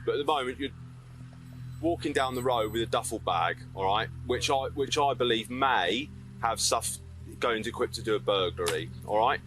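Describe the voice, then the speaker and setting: A police officer with a London accent, calm and firm, reassuring a stopped man during a search. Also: mid-range voice, moderate pace, soft background music. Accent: London English.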